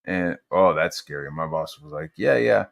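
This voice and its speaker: A man's voice: very deep voice, fairly even intonation, normal speed, a bit bright, dry recording. A man hosting a casual chat, telling a rambling, profane story with lots of fillers.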